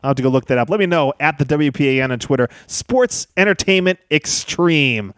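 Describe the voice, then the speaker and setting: A man hosting a podcast in a lively, chatty monologue, joking and laughing as he talks. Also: mid-range voice, rapid-fire, clean tone, no room sound, studio quality. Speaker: podcast host.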